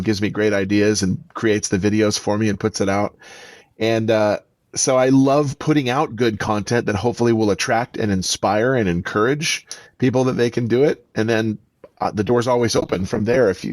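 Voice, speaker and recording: A man's voice: on the low side, no room sound. A man who is an author and voice actor, telling stories emphatically as a podcast interview guest.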